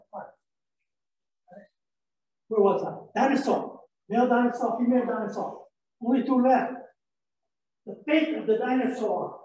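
A man's voice: sits high, a little mellow. Guy lecturing a class, jokey and rambling, keeps quizzing people, lots of room echo. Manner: playful, rambling, quizzes the audience. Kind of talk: lively classroom lecture with jokes. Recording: echoey room, mic far off.

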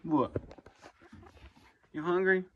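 A man chatting casually to his viewers in a vlog, loose and relaxed with slang. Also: sits high, extremely slow, narrow, tinny audio, slight background noise. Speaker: vlogger.

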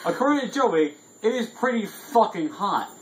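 A man's voice: high-pitched, sing-song, normal speed, a little hiss or hum, rough recording. A drunk man hosting a casual vlog, rambling loosely and swearing freely. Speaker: vlog host. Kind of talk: casual chat.

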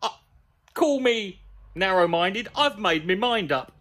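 Sweary, sarcastic man, lively pitch. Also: slow pace. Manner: sarcastic, profane, exasperated asides. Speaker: comedy YouTuber. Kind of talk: sweary comedic rant reading an article aloud.

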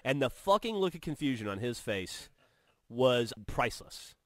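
A man's voice: medium pitch, normal speed, no echo. A man telling funny stories in casual chat, swearing and acting out what people said. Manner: animated, swearing, acts out quoted lines. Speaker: podcast host telling stories. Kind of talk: casual storytelling.

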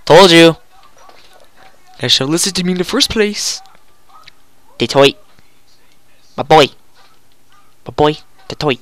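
A gamer giving goofy, excitable commentary while playing a hockey video game, groaning and yelling at each play. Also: mid-range voice, drawn-out words, pauses often, no echo.

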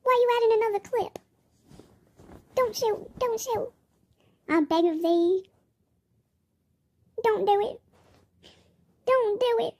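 Someone doing a pitiful male mall cop, whiny, self-pitying, pleading, near tears, very high squeaky voice, slow drawn-out delivery, game role-play story. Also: darkish tone, no echo, exaggerated voice. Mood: pleading, panicked. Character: sad loser male mall cop in a bunny suit.

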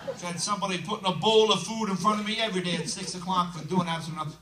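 A man doing a live stand-up routine with an animated, punchy delivery and sudden shouts, recorded from a distance in an echoey live venue with a loud crowd. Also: high-pitched, rapid-fire, noisy background. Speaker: stand-up comedian.

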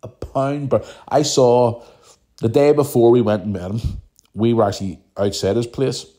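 A man's voice: medium pitch, fairly even intonation, moderate pace, dark tone. A Northern Irish man hosting a podcast, chatting casually in a rambling, teasing way. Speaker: podcast host.

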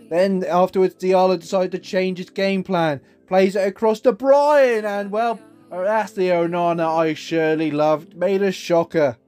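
High-voiced excitable man commentating a game. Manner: excitable, jokey, says literally a lot. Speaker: gaming YouTuber.

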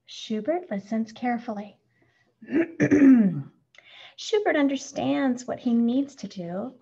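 Expressive woman reading a picture book. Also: fairly high pitch, takes it slowly, vocal fry, pauses often, slightly rough. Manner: expressive, acts out sound words. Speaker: storybook reader. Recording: muffled lo-fi recording.

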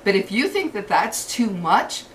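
An older grandmother vents in a furious, cursing monologue, often stumbling and restarting mid-sentence. Her voice sits at an ordinary middle pitch. The mic is some distance away, with a faint hiss underneath. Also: very animated, measured pace, a bit bright. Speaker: vlogger. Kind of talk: angry rant to camera.

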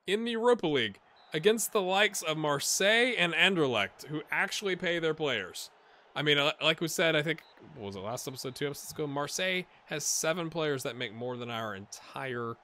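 A man hosting a let's-play video, chatting casually and thinking aloud as he plays, getting excitable when things go well. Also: medium pitch, normal speed. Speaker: gaming channel host.

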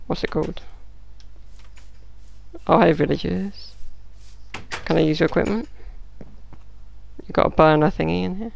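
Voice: mid-range voice, measured pace, vocal fry, long pauses, muffled recording. A gaming YouTuber, giving casual gameplay commentary, muttering to themself, swearing and throwing out mock-dramatic taunts.

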